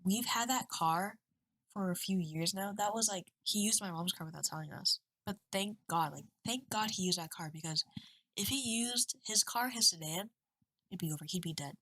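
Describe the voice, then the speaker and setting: A woman's voice: medium pitch, moderate pace, bright, forceful tone, no echo, poor audio. A woman in her twenties talking candidly into a webcam at home, rambling and emotional in a confessional vlog. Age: 20s. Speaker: vlogger.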